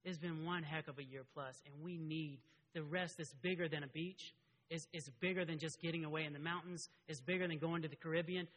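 Husky, bright-voiced preacher in a hall. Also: male voice, fairly high pitch. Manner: conversational, animated, with frequent restarts. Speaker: pastor. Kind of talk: sermon. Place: church sanctuary. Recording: long reverb of a large hall.

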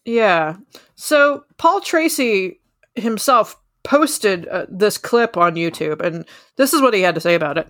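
A woman's voice: mid-range voice, expressive, a bit bright, no echo. Dry-voiced woman podcast host. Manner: halting, thinks aloud with many fillers. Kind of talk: casual chat.

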